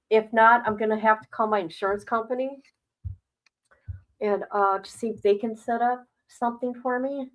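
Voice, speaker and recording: An older woman talks straight to her stream viewers in loose, rambling chat, her voice at a middling pitch. She swears without a second thought and sounds worried, yet keeps laughing it off. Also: rough recording. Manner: candid, rambling, swears freely. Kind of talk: casual livestream chat.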